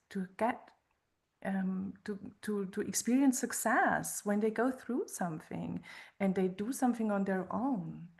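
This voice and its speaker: A middle-aged woman hosts a podcast in a voice of middling pitch. She talks slowly and deliberately, reflecting earnestly on spiritual ideas. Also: vocal fry. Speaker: podcast host. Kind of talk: reflective casual chat.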